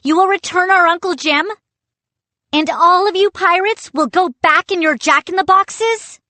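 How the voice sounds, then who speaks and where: A woman voicing an eager, panicky young kid who pleads in a high, urgent voice. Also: moderate pace, bright, forceful tone, dry recording. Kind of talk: audiobook character voice.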